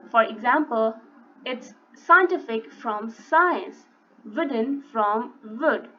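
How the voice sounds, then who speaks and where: A woman's voice: fairly high pitch, a bit bright. A woman teaching an online English grammar lesson, explaining step by step, stressing key words and often saying "you know". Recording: dull lo-fi sound with faint background hiss.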